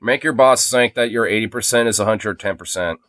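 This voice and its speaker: A man's voice: lowish voice, brisk, a bit bright, no echo. A man chatting casually on a phone livestream, rambling and swearing freely, with lots of fillers. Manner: rambling, profane, heavy use of fillers.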